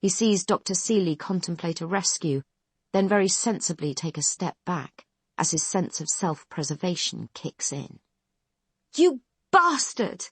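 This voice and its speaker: A woman narrating an audiobook in a steady, even storytelling manner. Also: lowish voice, normal speed, breathy edge, no room sound.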